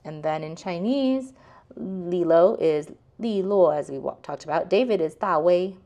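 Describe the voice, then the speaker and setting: A woman's voice: on the low side, animated, measured pace, dark tone. A woman hosting a casual language lesson, chatty and explaining word by word with lots of fillers. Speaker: host.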